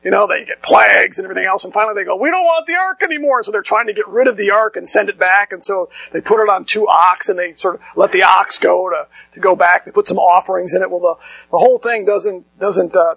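A man's voice: sits high, fairly even intonation, quick pace, creaky, sharp tone, husky, dry recording, lo-fi sound. A male pastor preaching a sermon in a conversational, storytelling way, acting out bits of dialogue.

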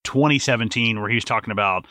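A man co-hosting a casual podcast about a movie, excitable and full of swearing, his voice leaping up whenever he gets worked up. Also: quick pace, no echo, studio quality. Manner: excitable, swearing, laughing often, jumps up in pitch when animated. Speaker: podcast co-host. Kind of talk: casual movie-discussion chat.

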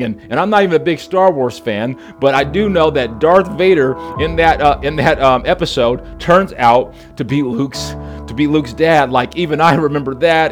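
A man with a fairly high voice tells a playful story as a sermon, talking straight to his listeners. Clear music plays behind him throughout. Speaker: preacher. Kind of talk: conversational sermon.

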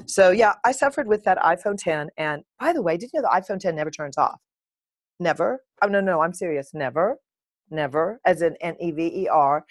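A middle-aged woman speaks in a lowish voice, chatting straight to her audience as a vlogger. Her story is lively and animated, full of asides and the odd playful swear word. The recording is close and dry, with no room sound. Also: no echo. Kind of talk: casual talking-to-camera monologue.

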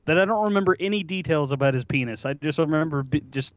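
Man, podcast co-host, casual crude banter, rambling stories, raised pitch, dry close sound. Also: quick pace, no echo. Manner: rambling anecdotes with crude jokes.

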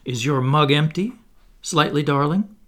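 A man's voice: fairly high pitch, unhurried, fairly bright tone, pitched above the performer's own voice. A man doing Wendy, a fussy little mother. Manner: fussy and scolding. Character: motherly girl playing house mother.

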